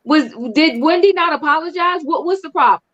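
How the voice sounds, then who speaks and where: Older woman, recap show host, sassy, high voice, dull lo-fi stream sound. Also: brisk. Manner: animated, sassy, repeats "okay?". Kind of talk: live-stream reality TV recap. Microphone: online live stream. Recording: muffled lo-fi stream audio.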